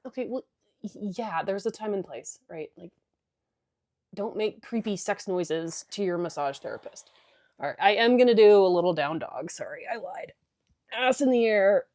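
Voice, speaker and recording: A woman's voice: mid-range voice, lively intonation, normal speed, a little mellow, no echo, clean studio sound. A woman leading a casual guided stretching class, chatty and irreverent with joking asides. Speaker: yoga and stretching instructor.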